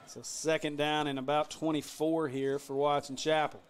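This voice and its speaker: A man doing play-by-play for a high school football game, joking with his partner and shouting on big plays. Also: little pitch movement, moderate pace. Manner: jokey, laughs often, shouts big plays. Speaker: play-by-play announcer.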